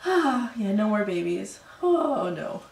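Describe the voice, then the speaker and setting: A woman in her thirties, co-hosting a casual knitting podcast, chatty and quick to laugh, still a little sick. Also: mid-range voice, very animated, vocal fry, distant mic. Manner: chatty, laughing, self-deprecating. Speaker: podcast co-host. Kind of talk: casual chat about knitting. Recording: roomy echo, voice a bit off-mic.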